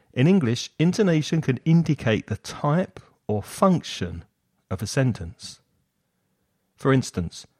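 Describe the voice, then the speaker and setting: A man giving a scripted explanatory lesson, setting out terms one by one in a measured way. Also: medium pitch, a little mellow, no echo, studio quality. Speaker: lecturer.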